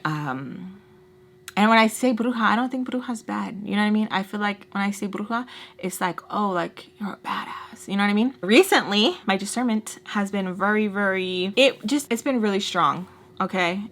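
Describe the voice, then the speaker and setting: A woman in her thirties tells a storytime to her viewers. She talks casually and animatedly, with lots of fillers and direct asides. Her pitch sits in a middle range for a woman. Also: pushed and bright. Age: 30s. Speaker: storytime vlogger.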